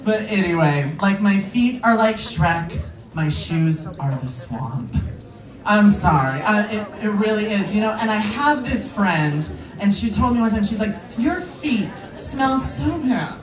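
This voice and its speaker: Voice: medium pitch, lively intonation, unhurried, recorded from a distance. Playful stand-up comic in a roomy venue. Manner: playful, chatty, riffing with the crowd. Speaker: stand-up comedian. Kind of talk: stand-up comedy set. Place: live music venue before an audience. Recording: roomy live venue, mic from afar, crowd noise. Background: audience laughing and clapping.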